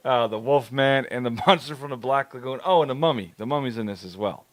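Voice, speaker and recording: A man co-hosting a podcast, rambling through casual chat, cursing freely and laughing along the way. His voice sits at a middling pitch, and the recording is dry and close. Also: a little fast, no echo. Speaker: podcast co-host.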